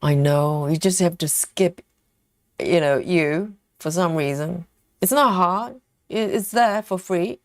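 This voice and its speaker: A woman's voice: fairly low pitch, slow pace, no room sound, studio quality. A woman hosting a craft livestream, chatting casually while she reads viewers' comments aloud, often laughing and repeating words as she thinks. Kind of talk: casual chat reading live comments.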